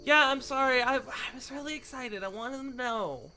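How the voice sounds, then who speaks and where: A game master voicing an excitable young woman who apologizes, in a much higher voice. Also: faint music behind. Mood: sheepish. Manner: apologetic, rushed.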